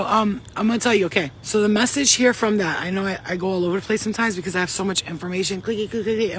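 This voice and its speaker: High-voiced man in a profane rambling vlog. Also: slight background noise, poor audio. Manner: profane, rambling, excitable, talks in quick digressions. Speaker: spiritual channeler and vlogger. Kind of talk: casual rambling monologue.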